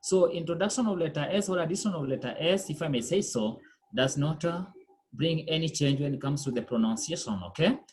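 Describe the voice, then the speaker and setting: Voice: medium pitch, a little fast, darkish tone. A language teacher giving a pronunciation lesson, quizzing the class, repeating words patiently and checking in with "okay?" and "eh?".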